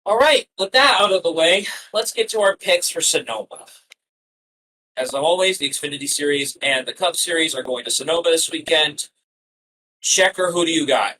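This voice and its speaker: Bright-voiced man hosting a racing chat. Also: on the high side, normal speed, slight background noise, poor audio. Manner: conversational, earnest, with exclamations. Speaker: podcast co-host. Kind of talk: casual podcast chat.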